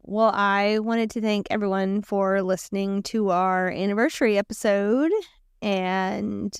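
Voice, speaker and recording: A woman co-hosting a podcast, chatty and quick to giggle. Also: medium pitch, steady tone, smooth, dry recording, studio quality. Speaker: podcast co-host. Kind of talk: casual conversational commentary.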